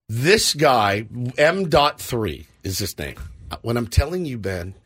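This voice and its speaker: A man's voice: mid-range voice, breathy edge. A middle-aged man hosting a morning radio show, rambling and laughing in casual banter. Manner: animated, rambling, quick to laugh.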